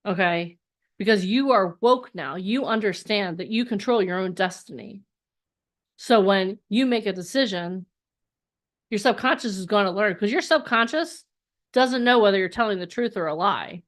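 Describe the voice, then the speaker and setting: A woman coaching an online workshop in a motivational talk, acting out little inner voices with big leaps in her voice. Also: moderate pace. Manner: energetic, acts out inner voices with big pitch jumps. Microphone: online call.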